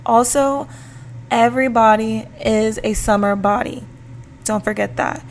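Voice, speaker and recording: A woman's voice: fairly high pitch, steady tone, unhurried, slight background noise. Chatty upbeat young woman podcaster. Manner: chatty and upbeat, with slangy asides. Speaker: podcast host. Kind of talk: casual solo podcast chat.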